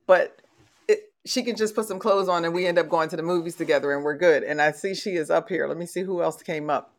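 A woman's voice: on the low side, fast. A middle-aged woman hosting a conversational motivational talk, telling stories and laughing easily. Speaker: host.

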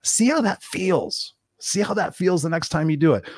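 A man's voice: sits high, lively intonation, normal speed, no room sound, clean studio sound. A man hosting his own show, giving an unscripted motivational talk, blunt and swearing often, acting out the people he quotes. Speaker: podcast host. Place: Los Angeles.

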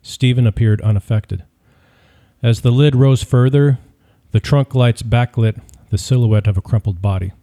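A man reading a story aloud as narrator, in a steady, measured delivery. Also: medium pitch. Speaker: audiobook narrator. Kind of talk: scripted narration.

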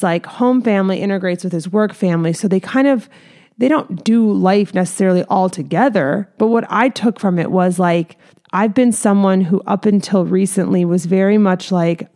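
A woman in her thirties speaks in a casual, rambling way, circling back on her thoughts with many fillers. Her voice sits at a middling pitch and turns openly emotional as she reflects. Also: dark tone. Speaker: hairstylist and salon owner.

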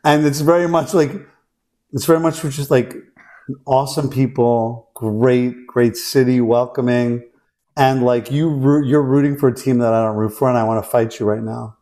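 A man's voice: mid-range voice, normal speed. Man in his forties telling a story. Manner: animated, acts out quoted voices. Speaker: podcast host. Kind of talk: casual storytelling.

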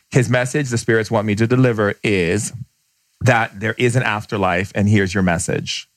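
A man, a podcast guest who is a shaman, telling stories in conversation, blunt and emphatic, often acting out the people he quotes with sudden jumps in pitch. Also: steady tone, dry recording. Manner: emphatic, blunt, fast bursts. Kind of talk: animated storytelling in conversation.

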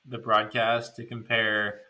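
A man's voice: fairly low pitch, flat delivery, takes it slowly, sharp tone. A man co-hosting a podcast, chatting casually with laid-back, dry wisecracks. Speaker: podcast co-host. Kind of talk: casual sports chat.

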